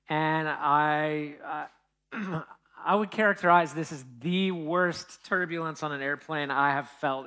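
A man preaching a relaxed, story-driven sermon as a pastor. His voice sits a bit high and rings bright and forward. He talks like he's chatting with the pews and often checks in with the listeners. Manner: storytelling, with asides to the congregation. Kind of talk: conversational sermon.

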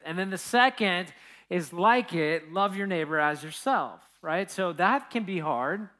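Bright-voiced pastor preaching conversationally. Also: male voice, high-pitched, animated, measured pace. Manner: storytelling, with asides to the congregation. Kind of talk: conversational sermon.

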